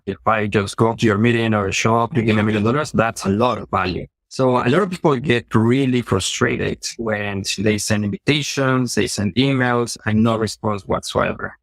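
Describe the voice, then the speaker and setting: A man's voice: lowish voice, gravelly, breathy edge, dry recording. A man from Mexico with a Mexican accent, a guest telling stories in conversation and acting out quoted dialogue with animation. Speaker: interview guest. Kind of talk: conversational storytelling.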